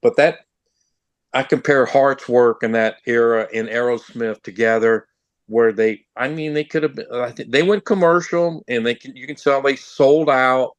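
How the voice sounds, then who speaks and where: A man's voice: medium pitch, moderate pace, no echo, lo-fi sound. A man co-hosting a music podcast in casual chat, hesitant and full of fillers. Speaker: podcast co-host.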